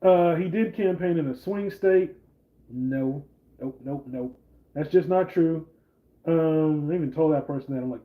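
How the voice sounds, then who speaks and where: A man's voice: on the high side, normal speed, narrow, tinny audio. A man hosting a casual political commentary vlog, talking in a rambling, conversational way with lots of fillers. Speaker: channel host.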